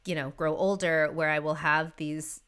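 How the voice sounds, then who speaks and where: A woman's voice: sits low, steady tone, moderate pace, fairly bright tone, clear, resonant tone. A woman in her thirties talking openly as a podcast guest, getting emotional and laughing between sentences. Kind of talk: casual conversation.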